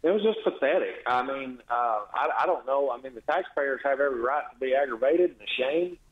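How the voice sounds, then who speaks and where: A man's voice: mid-range voice, brisk. A man speaks down a tinny, phone-like line, his voice ringing in an echoey space. He talks bluntly and with heavy sarcasm, sounding exasperated as a guest lawmaker calling in to a radio show. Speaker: state legislator guest.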